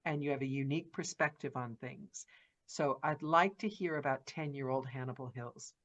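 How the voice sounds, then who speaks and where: A woman's voice: extremely low pitch, normal speed, a bit bright. A woman hosting a podcast, talking effusively in casual interview style and peppering her sentences with "like". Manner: effusive, gushing, frequent "like". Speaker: podcast host and narrator.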